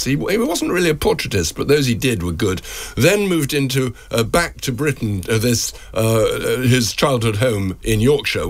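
Animated older-sounding male commentator. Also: mid-range voice. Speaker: regular commentator. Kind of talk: casual radio chat.

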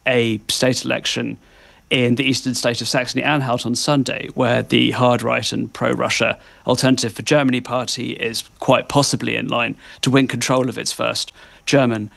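A man speaking as a correspondent on a live radio interview, his voice edged with gravelly fry. He explains events in an articulate, analytical way with small pauses. The sound is dry and close, with no room echo. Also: mid-range voice, fairly bright tone. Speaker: foreign correspondent.

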